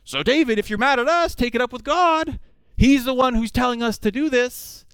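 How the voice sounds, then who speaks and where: A man's voice: very high-pitched, moderate pace, a bit bright, clear, resonant tone, no echo, voice pushed up. A man voicing sly male bandits who pretend to be harmless, in a wheedling, falsely reassuring tone. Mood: self-justifying. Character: two sly male bandits feigning innocence.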